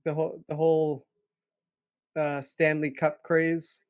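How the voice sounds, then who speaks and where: Young guy on a podcast, rambly and laughy, kinda high voice, dry sound. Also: level tone, slow, smooth, no echo. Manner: laid-back, rambling, laughs often. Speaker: podcast co-host. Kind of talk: casual chat.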